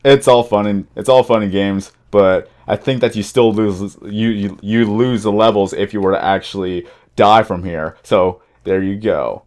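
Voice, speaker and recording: A man's voice: lowish voice, fairly even intonation, moderate pace, few pauses, darkish tone. A man hosting a casual let's-play, chatting to viewers as he explores, often stumbling over his words. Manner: chatty, addresses viewers directly. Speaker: gaming channel host.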